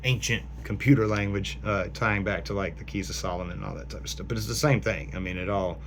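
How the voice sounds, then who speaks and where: A man's voice: lowish voice, steady tone, quick pace, a bit bright, a little hiss or hum. A man vlogging into his phone in a rambling, speculative monologue, meandering through fillers and restarts.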